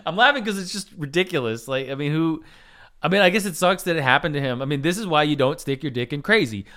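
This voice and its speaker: A man's voice: on the high side, fast talker, fairly bright tone, smooth. A man hosting a podcast in casual chat, laughing often and restarting his sentences. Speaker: podcast host.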